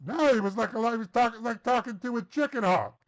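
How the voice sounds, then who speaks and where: Brash taunting older caller voiced by a man, high voice, crude insults. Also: fairly quick. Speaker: scambaiter host. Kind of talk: prank call taunting.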